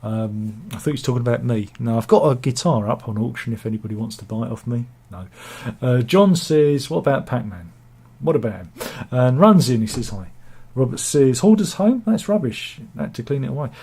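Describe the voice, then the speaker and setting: British man, home vlogger; husky mid-pitched voice; rambling, self-mocking comment-reading chat. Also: expressive, brisk, mellow. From Britain. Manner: rambling, joking, self-deprecating. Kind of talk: casual chat. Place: cold room at home.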